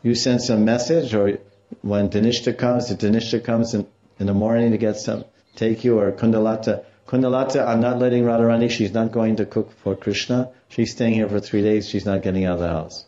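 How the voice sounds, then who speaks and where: A man's voice: fairly low pitch, steady tone, fairly quick, mellow, reverberant, muffled recording, natural voice. A man voicing a stern, controlling older woman who insistently refuses to let her daughter leave the house. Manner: insistent, repeating herself.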